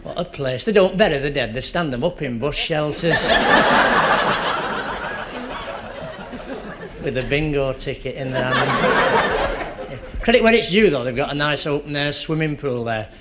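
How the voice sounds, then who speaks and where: A man doing a stand-up routine of dry, deadpan one-liners. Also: a little high, slow pace, long pauses. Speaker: stand-up comedian. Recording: loud hiss on an old club recording. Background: audience laughter.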